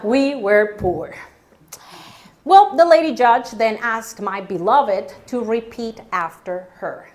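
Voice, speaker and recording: A woman storyteller performing live, self-mocking and animated, acting out her own panic with laughter. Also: a little high, slow. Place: storytelling venue stage.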